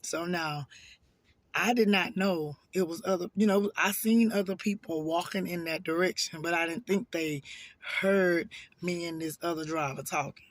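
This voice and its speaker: Hoarse man, high voice, casual storytime vlogger, chatty and animated. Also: moderate pace, no echo. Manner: chatty, animated, addresses viewers as y'all. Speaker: vlogger telling a work story.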